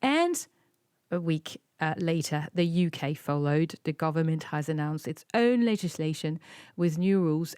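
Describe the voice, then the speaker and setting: A woman's voice: low voice, lively intonation, a little slow, a little mellow, smooth, no echo, studio quality. A woman with a French accent co-hosting a podcast, chatting casually and upbeat about news stories. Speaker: podcast co-host.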